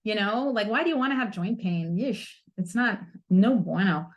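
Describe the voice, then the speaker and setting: A woman's voice: mid-range voice, expressive, moderate pace, lo-fi sound. A woman hosting a self-help podcast, talking candidly and with humor, using playful slang. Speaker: podcast host.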